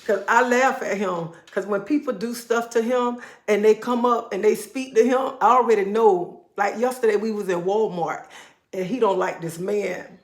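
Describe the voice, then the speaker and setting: A middle-aged woman hosting a casual livestream, telling animated stories to her viewers. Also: medium pitch, normal speed. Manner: animated storytelling with Southern-style speech. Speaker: livestream host. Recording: echoey room.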